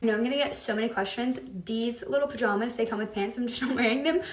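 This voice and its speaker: A woman's voice: on the high side, fast, distant mic. A young woman vlogger chatting in a bubbly, confiding way while doing her makeup, often laughing. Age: young adult. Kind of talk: casual get-ready-with-me chat. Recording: roomy echo.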